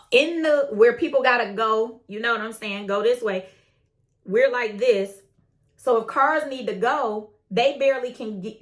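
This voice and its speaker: A woman's voice: fairly high pitch, a bit bright. A woman telling a story to her viewers in a casual, slangy way, swearing now and then and talking to them as y'all. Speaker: tarot channel host.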